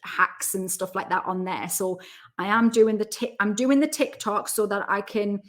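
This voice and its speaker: A woman's voice: mid-range voice, normal speed. A woman with a Geordie accent, a guest chatting casually in an interview, jokey and self-deprecating. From North East England. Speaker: podcast guest, self-development coach.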